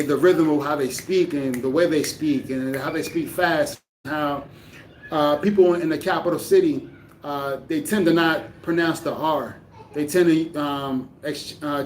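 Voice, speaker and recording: Male vlogger from the US, casual rambling delivery, slightly high pitch, faint background hiss. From United States. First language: English. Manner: rambling, many fillers and restarts. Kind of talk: casual reflective talk to camera.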